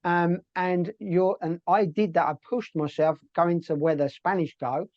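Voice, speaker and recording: A middle-aged British man with a high-pitched voice tells stories as a guest in a casual interview, speaking a little slowly in a steady tone. He's chatty, with many fillers and restarts. The audio is dull, with no room sound.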